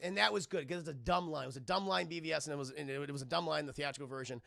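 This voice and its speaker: A man live-streaming a film review, excitable and profane, laughing often and chatting with his viewers. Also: on the high side, very fast, gravelly, no echo, clean studio sound. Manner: acts out scenes in exaggerated voices.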